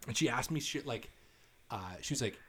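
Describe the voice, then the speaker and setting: A man's voice: normal speed, slight background noise. A young man, co-hosting a casual podcast, telling crude stories with lots of swearing. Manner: animated storytelling, swears a lot, quotes texts in a lowered voice. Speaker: podcast co-host. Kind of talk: casual chat.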